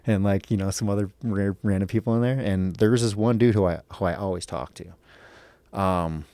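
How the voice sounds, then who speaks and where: An American man, a guest and professional fighter, telling a profane, animated story in casual chat and acting out the people in it. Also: deep voice, no echo. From United States.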